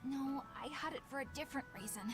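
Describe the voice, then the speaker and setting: A woman's voice: high voice, quick pace, close to an everyday voice. An actress voicing a prim, earnest young exorcist woman. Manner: formal, earnest, easily flustered. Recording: game audio with background music.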